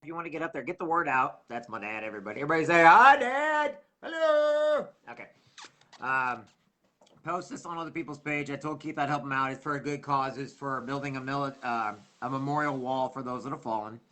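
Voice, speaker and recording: A middle-aged man hosts a loose, casual livestream. He rambles and hunts for words out loud. His voice is bright and forceful. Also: medium pitch, fast. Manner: rambling, loses his train of thought. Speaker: livestream host.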